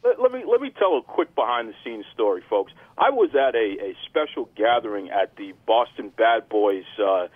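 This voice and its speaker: A man's voice: mid-range voice, lively intonation, moderate pace, few pauses, no room sound. Male podcast host, hype announcer energy, tinny phone-quality audio. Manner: hype-man announcer delivery. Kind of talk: casual wrestling podcast banter.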